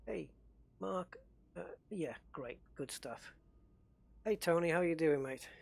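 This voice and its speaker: A man hosts a casual live game stream, reading out viewer names and talking through his moves. His voice sits a little high and has a husky edge. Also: lively intonation, takes it slowly, no echo. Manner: chatty, greets viewers by name, thinks aloud.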